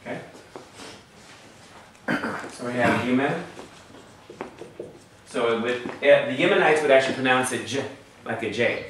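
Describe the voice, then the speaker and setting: A man's voice: mid-range voice, measured pace, long pauses, fairly bright tone. A man teaching a class, explaining patiently step by step and checking in with his students. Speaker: Hebrew teacher. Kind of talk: classroom lesson. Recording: echoey room from far off, faint noise.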